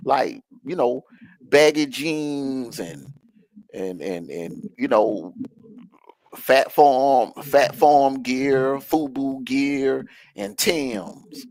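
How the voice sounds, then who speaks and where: A man's voice: mid-range voice, lively intonation, extremely slow, gravelly, a little mellow, low-quality recording. Emphatic Southern man on a stream. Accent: Southern US, Georgia. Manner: emphatic, repeats key lines. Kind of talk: casual chat on a live stream. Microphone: video call.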